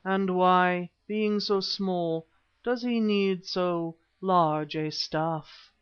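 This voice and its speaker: A man voicing a rumbling ancient wizard-priest. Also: steady tone, a bit bright, clear, resonant tone, heavily acted. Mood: menacing. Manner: slow rumbling threatening speech. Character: ancient half-human male wizard-priest, menacing. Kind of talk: audiobook character reading. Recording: dull lo-fi recording.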